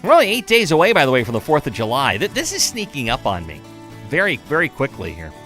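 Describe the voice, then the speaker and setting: A man's voice: medium pitch, huge pitch swings, quick pace, bright, forceful tone, soft background music. An older man hosting a morning radio show, reading the day's history with chatty, conversational asides. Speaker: radio host. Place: radio studio.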